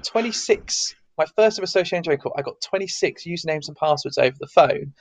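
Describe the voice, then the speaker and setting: Casting: English man, neutral accent, gravelly and dry, talks in loose rambling runs. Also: fairly high pitch, expressive, fast talker, no room sound, low-quality recording. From south of England. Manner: rambling, many restarts and fillers. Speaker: guest, security consultant. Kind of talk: casual interview chat.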